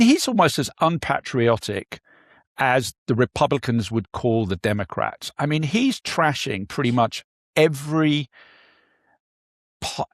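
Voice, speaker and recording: A man talks over politics in a halting way, full of ums and false starts. His voice sits at a middle pitch and is recorded close and dry, with no room sound. The tone is conversational and thoughtful. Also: creaky, no echo. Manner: halting, many fillers and restarts. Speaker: podcast co-host. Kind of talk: casual political discussion.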